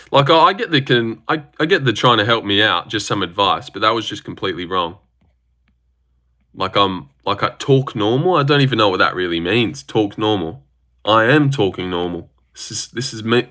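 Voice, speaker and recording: Brash, bright-voiced Australian young man. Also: moderate pace. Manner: animated and brash, swears a lot, big pitch jumps. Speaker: livestream host. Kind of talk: casual livestream chat, reading viewer comments.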